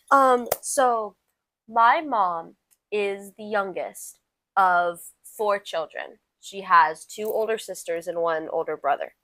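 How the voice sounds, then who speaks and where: A woman's voice: medium pitch, fairly bright tone, dry recording. A young adult woman co-hosting a podcast, chatting casually and telling a family story, slangy and full of fillers. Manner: slangy, filler-heavy, laughs easily. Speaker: podcast co-host.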